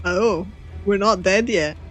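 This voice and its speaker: A young woman streamer giving giggly, animated gameplay commentary and reading the game's choices aloud. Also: mid-range voice, slow pace, soft background music.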